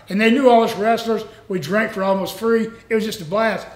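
High-voiced older man, roomy sound. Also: fast talker, few pauses. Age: 60s. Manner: rambling, salty, laughs often. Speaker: retired pro wrestler, guest. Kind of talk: casual storytelling.

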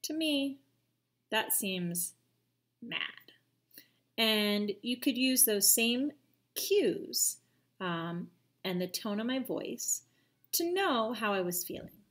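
Gentle woman teacher talking to kids. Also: a little high, lively intonation, slow pace, long pauses. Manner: gentle, patient, addressing kids directly with questions. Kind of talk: video lesson for children.

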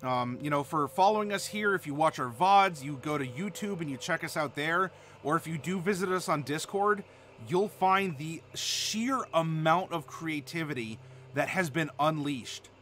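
A man's voice: a little high, moderate pace, a bit bright, slight background noise. A man from Ohio hosting a live stream, chatting casually and answering chat with many fillers. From Ohio, USA. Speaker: streamer host.

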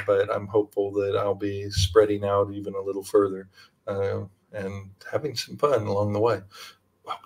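A man's voice: fairly low pitch, darkish tone. A man being interviewed as an author, chatting casually and cracking playful jokes. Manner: joking, playful banter. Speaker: author guest.

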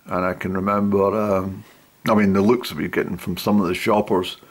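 A middle-aged man telling old stories to a camera, rambling with lots of pauses and fillers. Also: sits low, level tone. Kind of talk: casual storytelling to camera.

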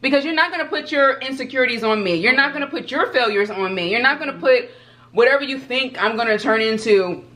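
A woman's voice: fairly high pitch, animated, quick pace, a bit bright. A woman hosting a casual eating vlog, talking in an emphatic, encouraging way, like an older cousin giving advice. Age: older than 22. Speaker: food vlog host. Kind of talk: casual mukbang chat.

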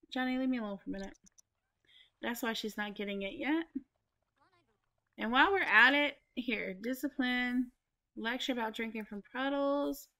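Woman, young adult, gaming commentary, casual and chatty, swears often, slightly high voice, gravelly fry. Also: pushed and bright. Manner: chatty, swears a lot, laughs often, talks to the game. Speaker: gaming YouTuber. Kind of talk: casual let's play commentary.

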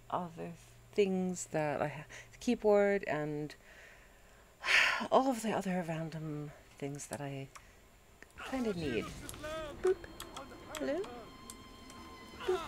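A woman streaming a video game from home, groggy after a headache, chatting calmly with viewers and fussing at her dog. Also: low-pitched, slow pace, pauses often, a little hiss or hum. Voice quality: calm, soothing voice. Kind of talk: casual live-stream gameplay chat.

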